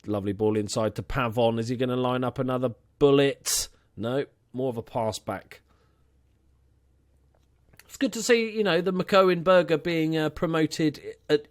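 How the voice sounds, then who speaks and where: A young man casually commentating his own football management game, chatty and excitable, swearing now and then. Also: medium pitch, unhurried, long pauses, no room sound, clean studio sound. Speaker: let's play host.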